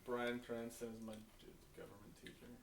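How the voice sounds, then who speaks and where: A man's voice: medium pitch, little pitch movement, normal speed. A young man chatting casually as a podcast co-host, rambling and restarting his sentences, often breaking into laughter. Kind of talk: casual chat. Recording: echoey room, far from mic, faint noise.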